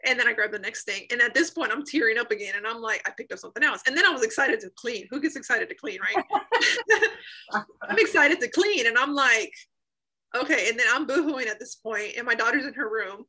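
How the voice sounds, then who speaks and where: Woman, 30s, bright slightly high voice, animated storyteller who laughs and acts out quotes. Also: quick pace, few pauses, rough recording. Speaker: guest sharing a healing testimony. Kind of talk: emotional personal storytelling.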